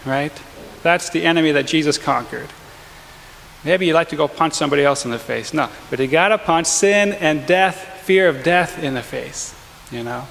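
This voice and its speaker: A male pastor giving a lively, conversational sermon with quick asides and chuckles, in a church. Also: fairly high pitch, gravelly, a little hiss or hum. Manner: energetic, conversational preaching with frequent asides and laughs. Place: large church. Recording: long hall reverb in church.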